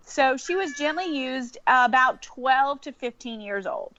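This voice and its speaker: A woman's voice: high-pitched, lively intonation, a little slow, a crowd in the background. A woman, telling a story in casual chat and laughing often. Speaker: podcast guest. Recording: dull lo-fi sound.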